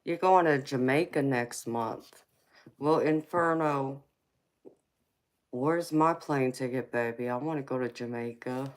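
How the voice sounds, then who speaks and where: A woman's voice: very deep voice, normal speed, hardly any pauses. A woman with a Southern Georgia accent hosting a live chat, answering viewers affectionately with sweetheart and honey while getting over a cold. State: fighting a cold. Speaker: tarot livestream host. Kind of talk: casual live chat reading comments.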